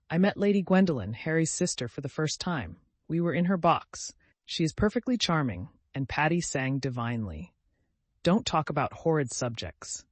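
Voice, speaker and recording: A man's voice: on the high side, no echo. A man reading the part of a young man who is cold, bored and self-absorbed, speaking in a languid, dismissive way.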